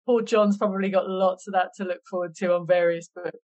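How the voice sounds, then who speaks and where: A man's voice: sits high, fairly even intonation, brisk, darkish tone. A man hosting a casual podcast, wry and joking with his guests.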